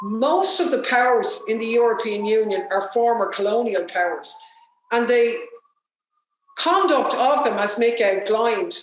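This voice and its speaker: An Irish woman, a politician, giving an impassioned and indignant speech over a video call, talking in quick forceful bursts. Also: a little high, slight background noise. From Ireland. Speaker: politician speaking at a webinar. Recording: very echoey room.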